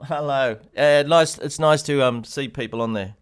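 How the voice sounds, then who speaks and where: A man's voice: medium pitch, moderate pace, clear, resonant tone. An Australian man teaching piano on a live stream, chatting and encouraging viewers and greeting them by name. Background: piano playing.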